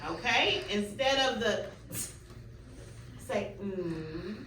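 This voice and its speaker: A young woman student teacher leading a class in a phonics drill, with clear, drawn-out prompts and quick praise, recorded in a classroom by a camera at a distance. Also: medium pitch, expressive, a bit bright. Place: classroom full of children. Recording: echoey, distant classroom recording with background noise.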